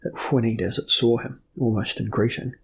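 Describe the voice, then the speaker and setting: A man narrating a fantasy novel as an audiobook in a measured, even storytelling manner. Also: medium pitch, gravelly, slight background noise.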